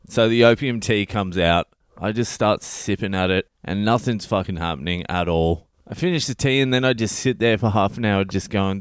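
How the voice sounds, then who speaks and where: A middle-aged Australian man tells a story and drops swear words in almost every line, acting out his own reactions as he goes. His voice is low, smooth and clear, recorded very dry and close. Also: brisk, no room sound. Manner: swears constantly, acts out his own lines. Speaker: comedian and podcast host. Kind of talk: profane comic storytelling.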